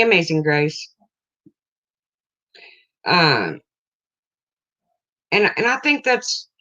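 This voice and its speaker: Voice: medium pitch, bright, forceful tone, muffled recording. A livestream host in casual chat, rambling and breaking off to greet viewers, emotional and close to tears.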